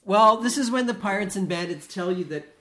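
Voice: mid-range voice, a little fast, fairly bright tone. Hesitant game master in a roomy echo. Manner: hesitant, many ums. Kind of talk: narrating a tabletop game.

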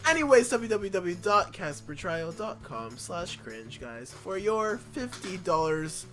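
A man's voice: high-pitched, big pitch swings, measured pace, a bit bright, faint music behind. A man hosting a casual podcast, reading the sponsor ads in a goofy, jokey way and stumbling over web addresses. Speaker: podcast host.

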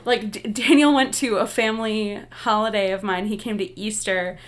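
A woman's voice: medium pitch, steady tone, normal speed, very noisy. A woman from the American Midwest, a radio guest telling a story in a chatty way, full of filler words. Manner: chatty, with many filler "likes" and laughs. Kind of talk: casual storytelling.

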